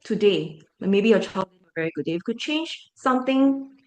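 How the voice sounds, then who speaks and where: A woman's voice: mid-range voice, lively intonation, fairly quick. Lady teacher briefing parents, keeps asking "right? okay?", roomy echo. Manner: emphatic, asks frequent rhetorical checks.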